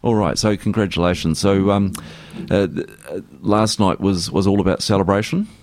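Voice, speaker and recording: A man's voice: sits low, steady tone, moderate pace, a little mellow, no room sound. A man hosting a local radio show in the studio, chatting loosely with fillers and restarts. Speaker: radio host. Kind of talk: casual radio talk and interview.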